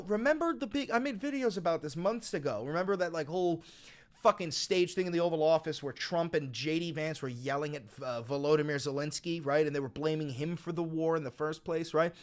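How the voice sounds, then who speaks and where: A man hosting a political commentary show, ranting with heavy profanity and sarcasm and often breaking into shouted outbursts. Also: a little high. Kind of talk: ranting commentary reading a statement aloud. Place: New York.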